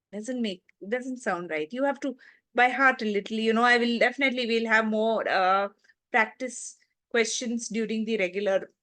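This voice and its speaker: A woman's voice: on the high side, fairly bright tone, no echo. Teacher woman drilling word forms, dry sound. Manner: explains step by step, repeats word forms aloud, checks in with the class. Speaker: English teacher. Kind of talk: online class lesson.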